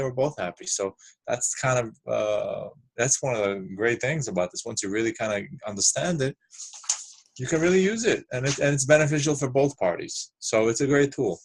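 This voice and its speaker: A man talking as a guest in a casual discussion, halting and starting over often. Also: mid-range voice, creaky, slightly rough. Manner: halting, full of restarts and fillers, animated.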